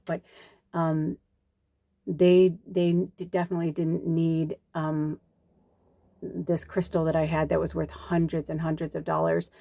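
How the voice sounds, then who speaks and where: A woman's voice: sits low, mellow, no echo. A woman, a spiritual medium, chatting casually and rambling through a personal story, acting out the people she quotes. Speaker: spiritual medium and card reader.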